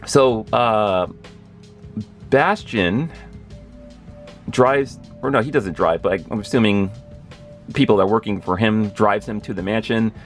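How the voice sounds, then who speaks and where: A man in his thirties gushing through a casual episode recap, rambling and correcting himself as he gets excited. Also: on the low side, unhurried, long pauses, soft background music. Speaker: pop culture video host.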